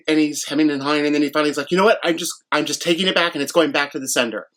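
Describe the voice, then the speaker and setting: A man casually retelling a frustrating delivery, animated and full of restarts. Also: a little high, fast talker, few pauses. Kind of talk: casual storytelling.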